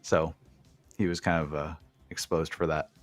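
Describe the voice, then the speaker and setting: A man's voice: very deep voice, level tone, moderate pace, no room sound, studio quality, faint music behind. A man co-hosting a podcast, recapping wrestling matches in a casual, profane, enthusiastic play-by-play way. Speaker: podcast co-host.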